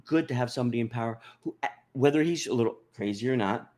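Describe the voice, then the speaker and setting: A man, co-hosting a crude, rambling comedy podcast, swearing often and jumping from mumbles to shouts. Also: mid-range voice, fast. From New York. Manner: profane, rowdy, swings from mumbling to shouting. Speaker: podcast co-host.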